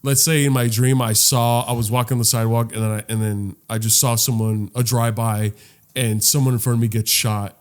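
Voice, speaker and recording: A man's voice: medium pitch, fairly quick. Man telling stories on a comedy podcast. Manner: animated storyteller who acts out quotes and laughs often. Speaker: podcast co-host. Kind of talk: casual comedic chat.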